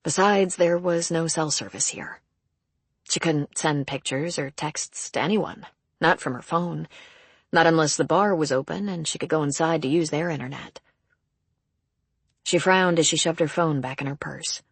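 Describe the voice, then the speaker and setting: Female audiobook narrator, husky low voice, measured delivery, dry close sound. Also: no room sound. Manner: even, measured storytelling.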